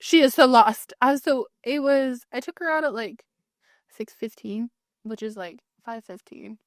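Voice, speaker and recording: A woman co-hosting a podcast in casual chat, talking quickly and breaking into bits of jingles. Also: a little high, no echo, clean studio sound. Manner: chatty, bursts into sung jingles. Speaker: podcast co-host.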